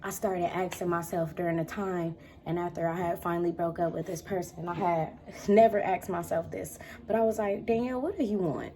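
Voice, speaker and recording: A woman's voice: moderate pace, slight background noise. A young woman vlogging casually to camera, telling a personal story and acting out quoted arguments. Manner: animated, acts out quoted arguments in a higher voice.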